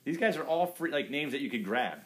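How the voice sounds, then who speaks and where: A man's voice: medium pitch, lively intonation, a little fast. A man hosting a casual sports chat, quizzing his co-host in a jokey, rambling way.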